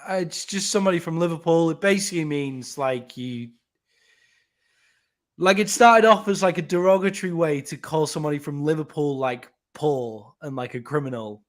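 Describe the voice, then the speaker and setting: A man's voice: fairly high pitch, normal speed. A man from England, a podcast co-host, explaining things in casual chat and swearing freely.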